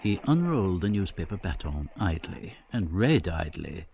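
A man giving measured scripted narration for a drama. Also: sits low, very animated, vocal fry, darkish tone, slightly rough, no echo.

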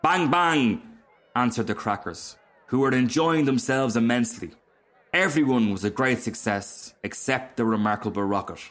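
A man reading a fairy tale aloud as narrator, in a measured, expressive storytelling manner. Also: medium pitch.

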